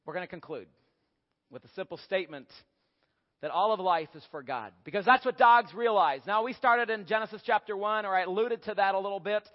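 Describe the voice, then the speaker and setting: A high-pitched man preaching a sermon with emphatic swings, rising to near-shouts and dropping low. The recording is muffled and carries a long hall reverb, as if captured in a church sanctuary. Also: a little fast.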